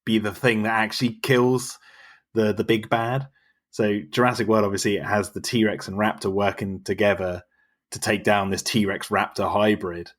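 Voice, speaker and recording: A man's voice: lowish voice, flat delivery, moderate pace. A man chatting on a podcast, rambling enthusiastically through his film theories. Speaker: podcast guest. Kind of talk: casual chat.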